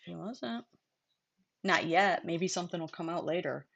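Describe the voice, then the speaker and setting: A woman's voice: lowish voice, moderate pace, vocal fry. A woman hosting a casual livestream chat, talking bluntly, swearing freely and laughing often. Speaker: host.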